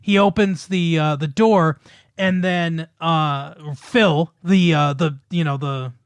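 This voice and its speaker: A man's voice: on the high side, steady tone, slow pace, smooth, no room sound. A man in casual chat, retelling a film's plot in a rambling way, with many fillers and restarts and frequent laughs. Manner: swears casually. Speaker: podcast co-host.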